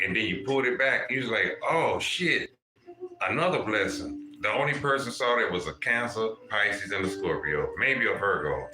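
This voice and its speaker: A man hosting a casual livestream and giving spiritual readings. He talks straight to his viewers in an animated, profane way. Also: fairly low pitch. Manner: animated, profane, addresses chat viewers directly. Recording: echoey room with music playing. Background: music.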